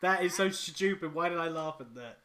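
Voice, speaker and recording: A man's voice: fairly high pitch, fairly quick, a bit bright. A man co-hosting an art livestream, teasing dryly in casual chat.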